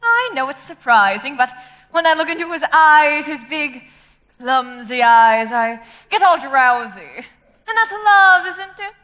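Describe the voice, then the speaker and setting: Young woman as a tipsy grand-dame chaperone, drawling, swooping voice, bright, echoing hall. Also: high voice, lively intonation, unhurried, exaggerated voice. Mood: arch. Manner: arch, drawling, swooning. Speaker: stage actress. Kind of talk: live stage musical acting. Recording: reverberant school auditorium.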